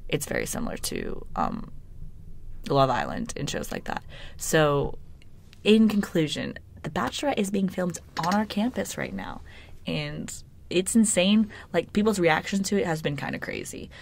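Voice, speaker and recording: Low-voiced Southern woman chatting. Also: very animated, normal speed, gravelly, slight background noise. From Alabama. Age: young adult. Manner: chatty, rambling, many fillers. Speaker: podcast co-host. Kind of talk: casual chat.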